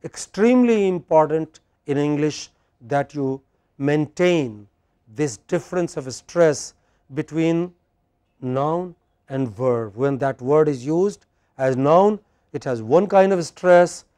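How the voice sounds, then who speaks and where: A man's voice: on the high side, animated, warm tone, no echo. Patient man teaching pronunciation drills. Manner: patient, gives short prompts and models words slowly. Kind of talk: classroom drill lesson.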